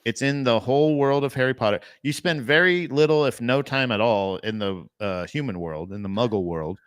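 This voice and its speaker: A man's voice: medium pitch, moderate pace, clear, resonant tone, no room sound, studio quality. A young adult man hosting a casual comedy chat, rambling, swearing a lot and laughing often. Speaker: podcast host.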